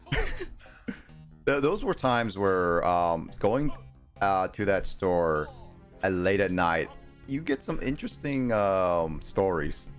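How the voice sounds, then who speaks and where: A young man in casual chat who tells stories haltingly, restarting often and filling pauses with hesitant sounds. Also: low-pitched, wildly swooping pitch, faint music behind.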